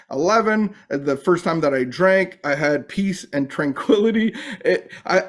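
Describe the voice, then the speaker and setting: Middle-aged guy telling his recovery story, kinda high voice, lots of stops and restarts. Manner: halting, with many restarts and fillers. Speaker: recovery speaker. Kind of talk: personal testimony.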